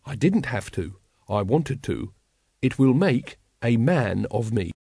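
An earnest, literal-minded young recruit voiced by a man in an audiobook. He speaks plainly and keenly, in a lively voice recorded dry and close. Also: mid-range voice, slow pace, gravelly, slightly rough, no room sound, exaggerated voice.

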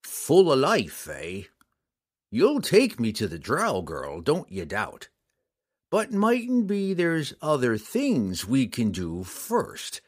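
Audiobook villain: coarse, leering rough man with a slow, lively drawl, voiced by the narrator. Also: medium pitch, voice pushed up, full character voice. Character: brutish, menacing rough man. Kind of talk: audiobook character voice.

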